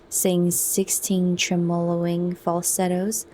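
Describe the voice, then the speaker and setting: A woman reading a novel aloud as an ASMR audiobook, in a soft, measured manner. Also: on the low side, flat delivery, slight background noise. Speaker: reader.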